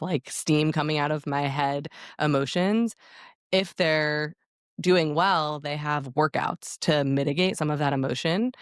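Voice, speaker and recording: A woman's voice: low voice, clean tone, no echo, studio quality. A woman co-hosting a podcast, speaking in a thoughtful, reflective way with frequent fillers. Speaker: podcast co-host. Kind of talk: casual podcast conversation.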